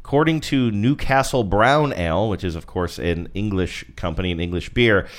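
A man's voice: on the low side, normal speed. A man co-hosting a casual chat, joking and describing commercials. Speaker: podcast co-host. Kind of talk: casual chat reviewing ads.

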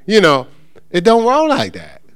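Animated man teaching at church. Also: high-pitched, unhurried, clean tone. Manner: animated, acts out voices of churchgoers and callers; conversational with frequent check-ins. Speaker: pastor teaching. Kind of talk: informal church teaching talk.

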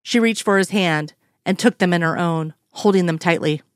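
Woman narrator, lower range, dry close mic, steady story reading. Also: moderate pace, smooth, no echo. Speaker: reader. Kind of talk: fan fiction read aloud.

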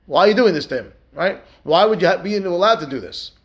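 A man's voice: high-pitched, lively intonation, quick pace, fairly bright tone. A rabbi teaching a Talmud study lesson. He reads Aramaic and Hebrew text aloud, then explains it step by step with rhetorical questions and a frequent "right?". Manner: keeps checking in with "right?".

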